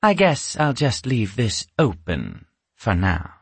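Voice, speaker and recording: A man's voice: medium pitch, big pitch swings, takes it slowly, creaky, husky, no echo, heavily acted. A man reading a storybook aloud and voicing a cruel, spiteful female witch who snaps and screams with menace. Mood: contemptuous. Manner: snapping, menacing, bursts into screams.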